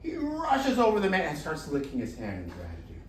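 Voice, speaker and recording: A man telling a folk tale to an audience in a lively, expressive way, with slow, dramatic pauses. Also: high voice, slight background noise. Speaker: volunteer storyteller. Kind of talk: animated storytelling to an audience. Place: luncheon hall. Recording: roomy distant room mic, faint ambience.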